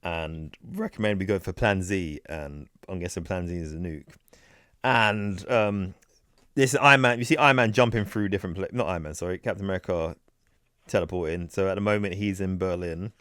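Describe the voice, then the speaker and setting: A low-voiced man recaps a comic story in a relaxed, rambling way for a podcast. He keeps slipping into quick, offhand versions of the characters' lines. The sound is close and dry, with no room around it. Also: smooth, no echo. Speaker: comic book podcast co-host. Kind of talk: casual chat, retelling a comic plot.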